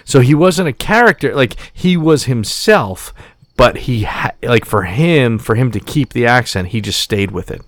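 Rambling, swearing podcast host. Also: male voice, medium pitch, lively intonation, normal speed, no room sound, studio quality. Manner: rambling, profane storytelling with many restarts. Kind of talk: casual chat.

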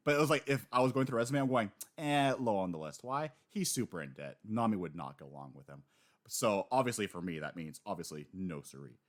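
A man co-hosting a casual chat, animated and quick to laugh, slipping into voices when he retells scenes. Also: fairly low pitch. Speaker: podcast co-host discussing a manga.

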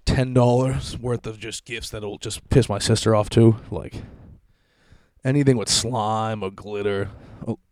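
A man's voice: mid-range voice, a little mellow, no echo. A man in his thirties hosting a solo podcast from his basement, rambling through stories in a profane, self-mocking way. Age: 30s. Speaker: podcast host. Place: basement at home.

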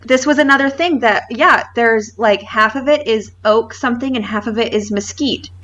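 A woman in her thirties co-hosting a podcast, telling a funny story in casual chat, animated and laughing often. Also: fairly high pitch, normal speed, muffled recording. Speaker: podcast co-host.

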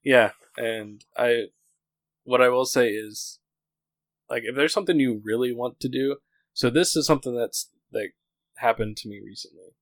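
A man's voice: medium pitch, moderate pace, no room sound, rough recording. A man in his thirties, co-hosting a podcast, talking candidly in a rambling casual chat full of "like" fillers. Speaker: podcast co-host.

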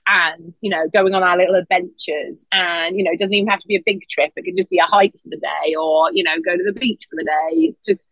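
A woman chats casually on a podcast and tells her stories with energy, jumping up into a high voice whenever she quotes someone. The recording is dry and a little dull, with no room sound. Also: quick pace, hardly any pauses, dry recording. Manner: animated storyteller, acts out quotes in a high voice.

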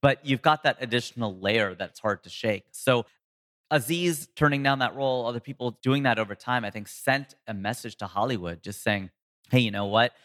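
A comedian and voice actor in a casual interview, telling stories with sudden jumps in pitch for emphasis. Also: male voice, normal speed, fairly bright tone, big-room sound.

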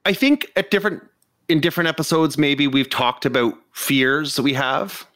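A man co-hosting a podcast, chatting casually with expressive, squeamish reactions. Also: fairly high pitch, moderate pace, no echo. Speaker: podcast co-host. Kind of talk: casual chat.

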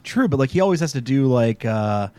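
A man's voice: medium pitch, animated, a little fast, a crowd in the background. A man co-hosting a podcast, recapping a TV episode in casual chat, rambling and sarcastic with lots of fillers. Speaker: podcast co-host.

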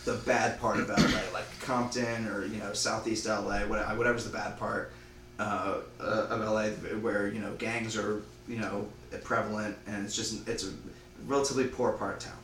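Man, low voice, casual rambling storyteller who slips into character voices; echoey room, distant mic, faint hum. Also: little pitch movement, a bit bright. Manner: rambling, acts out lines in quick voices. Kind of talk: casual retelling of a made-up movie plot.

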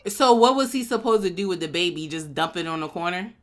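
A woman co-hosting a podcast in casual, animated chat, quick to argue and laugh. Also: on the low side. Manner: animated, argumentative, laughs often. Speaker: podcast co-host.

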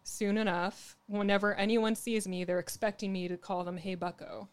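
Young woman podcast co-host, middle pitch, lively storyteller who acts out quotes. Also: normal speed, clean tone. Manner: animated storytelling, acting out quoted lines with laughter. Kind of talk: casual chat.

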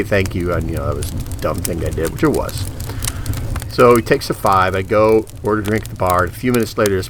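A man's voice: deep voice, noisy background. A man telling a casual story and acting out the dialogue. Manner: animated, acts out the dialogue.

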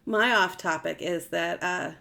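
A woman's voice: fairly low pitch, unhurried, gravelly, bright, forceful tone. Wry woman chatting casually. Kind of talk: casual chat.

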